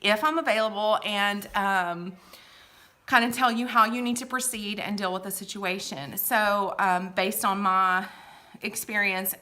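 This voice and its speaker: A woman's voice: mid-range voice, unhurried, sharp tone. A middle-aged woman giving tips in a casual, chatty vlog, reassuring and full of fillers and asides. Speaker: vlogger giving shopper tips.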